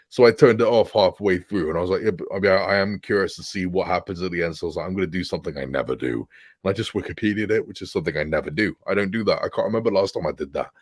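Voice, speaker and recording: A man with a low, husky voice chats as a guest about films. He rambles, teases the host and laughs often, speeding up in bursts. The recording is dry and close. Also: no echo. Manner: rambling, teasing, quick bursts, frequent laughs. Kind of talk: casual chat about films.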